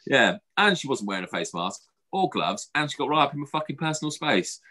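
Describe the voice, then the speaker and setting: A man's voice: mid-range voice, big pitch swings, a little fast, pushed and bright. A British man, a podcast co-host, telling a story in casual chat, swearing freely and acting out the other voices.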